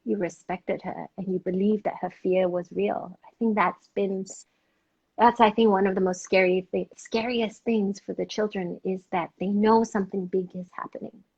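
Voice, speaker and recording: A woman's voice: medium pitch, steady tone, normal speed, slightly rough, dry recording, highs cut off. A woman speaking as a parenting expert in an interview over a video call, emphatic and motivational in how she talks. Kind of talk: conversational interview.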